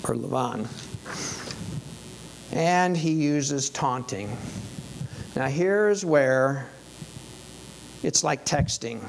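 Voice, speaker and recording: A man's voice: medium pitch, gravelly, slight background noise, low-quality recording. A male preacher giving a sermon in a conversational, wry and emphatic way, losing his voice.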